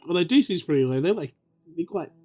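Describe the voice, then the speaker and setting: A man narrating as game master of a tabletop game, animated and quick to laugh. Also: a little high, faint music behind.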